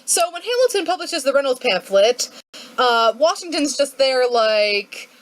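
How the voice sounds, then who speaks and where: A woman history vlogger retells the past as a casual comic vlog, recorded on a home webcam mic. Her high, sing-song voice is unhurried, and she's playful and jokey, acting out what people said in silly voices.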